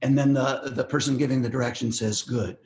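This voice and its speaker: A man's voice: medium pitch, little pitch movement, fast talker, a little mellow. An older man giving a conversational, easygoing parenting talk in an online meeting, with friendly asides as he teaches. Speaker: parenting workshop presenter. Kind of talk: webinar talk. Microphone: web meeting microphone.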